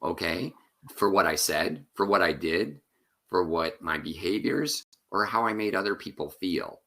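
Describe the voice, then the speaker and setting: A man speaking as a keynote speaker and author, giving a conference talk and telling stories in quick, animated bursts. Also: low-pitched, gravelly. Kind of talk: conference talk over video.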